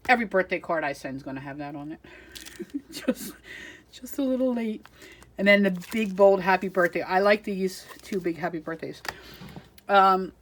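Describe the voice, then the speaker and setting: A woman's voice: mid-range voice, moderate pace, pauses often. A woman chatting casually through a crafting haul, chatty and self-deprecating, giggling at herself. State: out of breath.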